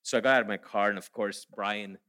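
Bright-voiced man preaching a sermon. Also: lowish voice, steady tone, a little fast. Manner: storytelling, rising to emphatic preaching. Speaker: guest speaker.

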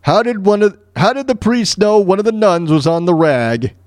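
A man's voice: sits high, animated, moderate pace, darkish tone, dry recording, studio quality. A man hosting his own podcast, telling crude jokes and chatting loosely, laughing at his own punchlines. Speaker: podcast host. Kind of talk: casual joke-telling monologue.

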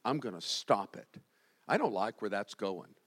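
A man voicing a scheming male devil who plots against believers, muttering in a low, quiet, menacing way. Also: lively intonation, measured pace, breathy edge, exaggerated voice.

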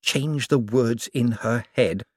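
Male narrator as a quick-witted young chancer, hesitant and dry, lively inflection. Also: mid-range voice, dry recording, pitched above the performer's own voice. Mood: uneasy, wry.

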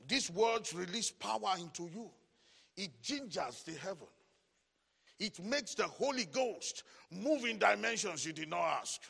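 A man's voice: sits high, gravelly, slightly rough, long reverb tail. A man preaching a sermon, calling out titles and leading the congregation in repeated declarations. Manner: chanting call-and-response, shouted declarations. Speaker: pastor.

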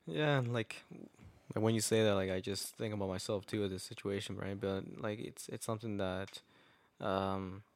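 A man co-hosting a casual faith talk, speaking in a relaxed way, laughing easily and leaning on filler words. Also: fairly low pitch, moderate pace, dry recording, clean studio sound. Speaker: podcast co-host.

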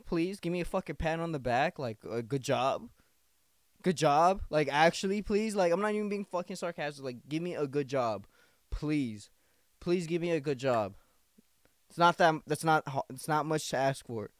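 A man's voice: fairly high pitch, dry recording. A man in his twenties hosting a casual podcast, rambling, repeating himself, swearing and calling the listener bro. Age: 20s. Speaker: podcast host. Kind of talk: casual confessional podcast monologue.

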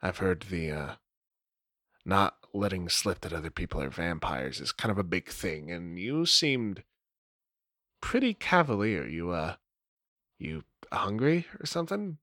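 Casting note: a cagey young vampire fledgling, low and hushed, in a dry room, as a man plays him. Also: very animated, unhurried, dry recording, exaggerated voice. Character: young male vampire fledgling, nervous, testing.

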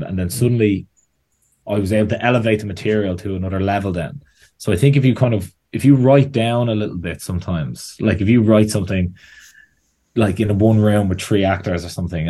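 A deep-voiced Irish man talks about his filmmaking in a relaxed interview. He rambles and restarts his sentences, leaning on "kind of" and "like" as he goes. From Ireland. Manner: rambling, self-correcting, frequent "kind of" and "like". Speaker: writer and director, guest. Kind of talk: casual interview chat.

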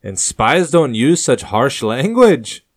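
A man's voice: medium pitch, sing-song, takes it slowly, no room sound, clean studio sound, voice pushed up. A man voicing a disdainful middle-aged Englishman with an English accent, crude and scoffing, in an audiobook. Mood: grudging.

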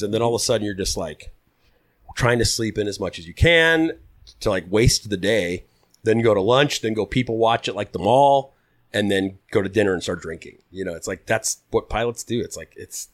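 A man in his thirties, a podcast guest, telling stories in a relaxed, casual way, swearing freely and acting out what people said. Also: lowish voice, a little fast. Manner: relaxed, swears freely, acts out quoted dialogue. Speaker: podcast guest, pilot turned putter maker. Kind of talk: casual storytelling.

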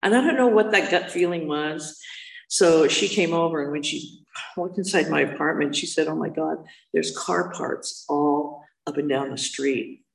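Woman speaker, candid personal storytelling, wry and animated; room echo, mic at a distance. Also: deep voice, normal speed, gravelly. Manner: candid, self-mocking, animated quoting of others. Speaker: speaker sharing a recovery story.

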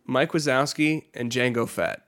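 A man's voice: medium pitch, normal speed, fairly bright tone. Rambling man on a gaming podcast. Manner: rambling, heavy use of "like" fillers. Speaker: podcast co-host. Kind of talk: casual chat about video games.

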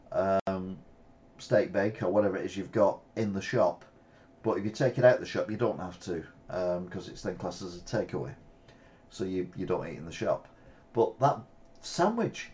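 A man's voice: medium pitch, dark tone. A man hosting a live weekly news show, reading headlines aloud and adding casual, chatty asides. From Britain. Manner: reads headlines then riffs with asides.

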